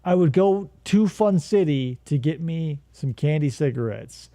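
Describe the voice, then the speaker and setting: A man's voice: a little high, expressive, unhurried, mellow, no room sound, clean studio sound. A man hosting a podcast, riffing crudely and sarcastically in casual chat. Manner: crude, profane, sarcastic joking. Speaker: podcast host.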